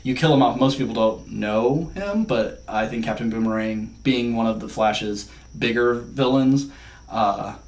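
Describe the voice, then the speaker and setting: A man's voice: medium pitch, unhurried, reverberant. A man co-hosting a podcast, chatting casually and telling stories with jokes. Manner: animated, jokey storytelling. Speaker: podcast co-host. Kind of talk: casual chat.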